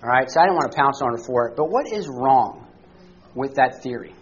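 A man's voice: mid-range voice, expressive, fairly quick, slightly rough, muffled recording. A man teaching a church study class to a group, talking conversationally and often checking in with the listeners by asking them questions. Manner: conversational, asks the group questions, frequent "all right?".

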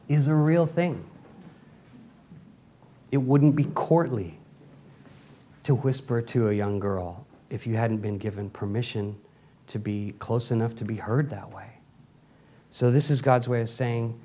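A male pastor preaching a sermon in a dramatic way, swinging from forceful lines to soft, intimate prayer. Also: mid-range voice, a little slow, long pauses, a little hiss or hum.

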